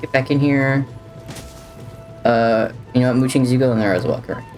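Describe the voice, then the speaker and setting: A man's voice: medium pitch, moderate pace, darkish tone. A man streaming a video game live, chatting casually with viewers, reading their messages and joking about the game as he plays. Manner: chatty, jokey, drifts between talking to chat and to the game. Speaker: livestreamer. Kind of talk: casual gameplay commentary, reading chat. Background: faint game music.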